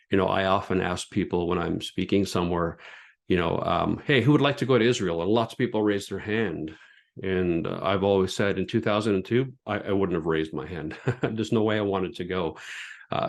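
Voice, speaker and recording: A man's voice: low voice, gravelly. A man in his fifties hosting a podcast, telling a personal story in an earnest, candid way and often repeating words as he goes. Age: 50s. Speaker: podcast host.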